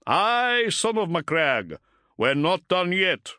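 A man voicing a grim, proud male warship captain who gives grave, measured commands. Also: sits high, very animated, bright, forceful tone, clear, resonant tone, dry recording, studio quality, pitched above the performer's own voice, full character voice.

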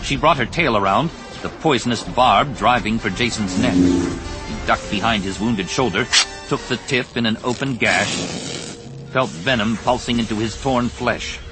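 A man narrating an audiobook with measured, dramatic storytelling. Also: lowish voice, low-quality recording. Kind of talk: scripted narration. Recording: narration over a music score. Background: music.

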